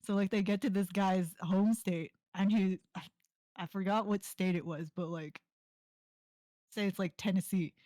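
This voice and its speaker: Chatty woman on a live stream, rambly storyteller, medium pitch, dry mic. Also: fairly even intonation, normal speed, mellow, dry recording. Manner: chatty storyteller, laughs often, lots of "like". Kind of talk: casual chat.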